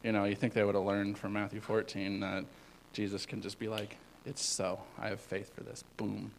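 Man, youth pastor, casual rambling sermon, gravelly, low, faint hiss behind. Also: monotone, moderate pace, rough recording. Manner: casual, rambling, many fillers, swings between loud and hushed. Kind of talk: informal sermon.

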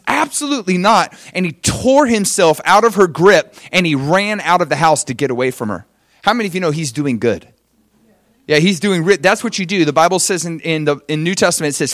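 A man preaching a sermon, telling a story in an animated way and acting out the quotes. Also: fairly high pitch, dry recording, clean studio sound. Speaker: pastor.

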